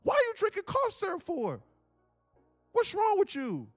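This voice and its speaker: A man mimicking his exasperated middle-aged mother, scolding in a shrill, incredulous voice. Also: huge pitch swings, normal speed, dry recording, studio quality, faint music behind, exaggerated voice.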